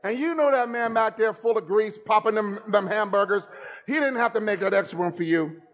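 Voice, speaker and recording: A man with a notably high voice preaches a sermon in church. He tells humorous stories, teases his listeners directly and rises into loud shouts to drive his points home. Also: a little fast. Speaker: pastor. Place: church service.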